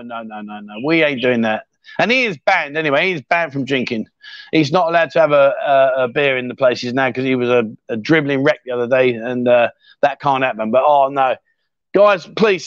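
A man's voice: on the high side, fairly bright tone, dry recording. A middle-aged English man hosting a live stream, chatting in a jokey, matey way as he reads out viewers' comments. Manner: chatty and jokey, full of mate and fair play. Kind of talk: casual live-stream chat reading comments. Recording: dry, slightly dull sound.

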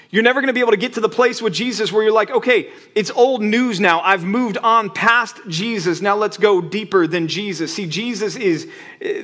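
A man's voice: high-pitched, a bit bright. A man preaching a sermon as pastor, conversational, asking rhetorical questions and acting out quotes.

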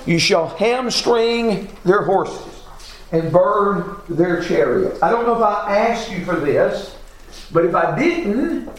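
Male Bible teacher, high animated voice, reads and quizzes, echoey room. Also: slow pace. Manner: reads scripture aloud and quizzes the class. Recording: echoey room with faint noise.

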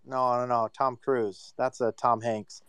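A man's voice: mid-range voice, little pitch movement, a little slow, fairly bright tone, clear, resonant tone, no echo. A man in a casual chat, arguing his point in a brash, emphatic rant.

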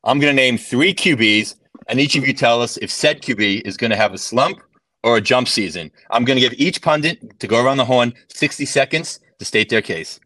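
A man's voice: mid-range voice, expressive, brisk, pushed and bright, no room sound. Man moderating a sports podcast. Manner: upbeat, steering the panel. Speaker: show moderator.

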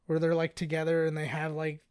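A man's voice: fairly high pitch, monotone, brisk, darkish tone, smooth, no echo, clean studio sound. A man co-hosting a casual podcast chat, rambling and correcting himself as he goes. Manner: rambling, self-correcting, laid-back. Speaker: podcast co-host.

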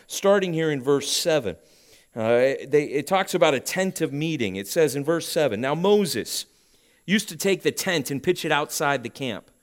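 Pastor guy preaching, fairly high voice, goes loud then quiet a lot. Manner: dynamic preaching, swinging between loud emphasis and hushed tones. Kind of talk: sermon.

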